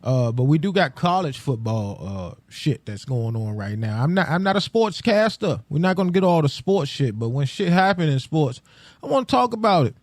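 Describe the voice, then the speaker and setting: A man's voice: a little high, very animated, moderate pace, a little mellow, no echo. A man hosting a solo podcast, ranting casually in profane street slang with loose, rambling restarts. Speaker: podcast host.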